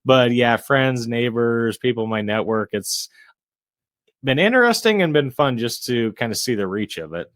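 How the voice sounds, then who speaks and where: A man who is a real estate investor and realtor, a guest on a casual podcast interview, talking in a measured, introverted way with frequent filler phrases. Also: medium pitch, expressive, a bit bright, no room sound, studio quality. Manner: measured, self-described introvert, frequent "you know" fillers. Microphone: podcast microphone.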